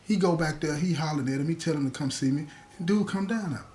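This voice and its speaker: A man spins a story from his past in loose, slangy talk, jumping into the other people's lines as he goes. His voice sits a little high for a man. The telling stays casual and lively. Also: fast talker, a little hiss or hum.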